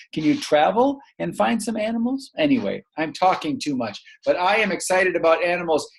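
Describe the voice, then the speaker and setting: A man from the northern United States, teaching a recorded English lesson to young children in a slow, chatty way, asking questions and answering them himself. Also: fairly high pitch, vocal fry, slightly rough. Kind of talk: online lesson to young learners.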